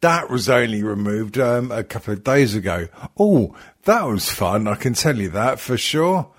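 A man hosting a crude, casual podcast swears, jokes and meanders with lots of fillers, tired and yawning throughout. He has a mid-range voice with lively intonation at a moderate pace.

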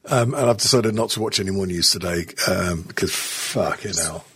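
A middle-aged man hosts a podcast while stoned on edibles, rambling from one thing to the next. He swears freely and giggles between thoughts. His husky voice is recorded dry and close. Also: deep voice, normal speed, a bit bright, no echo. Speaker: podcast host. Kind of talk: casual podcast chat.

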